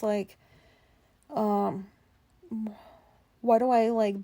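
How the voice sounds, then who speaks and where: A woman in her thirties hosting a podcast, telling a personal story in a halting, anxious way, with many fillers and pauses. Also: medium pitch, steady tone, warm tone. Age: 30s. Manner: anxious, self-deprecating. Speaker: podcast host. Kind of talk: rambling personal monologue.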